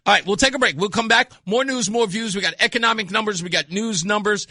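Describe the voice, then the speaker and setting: A man's voice: sits high, fast talker, bright, forceful tone, dry recording. A man hosting a talk radio show, delivering a mocking, scornful monologue into a studio mic. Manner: mocking, scornful, laughs at callers.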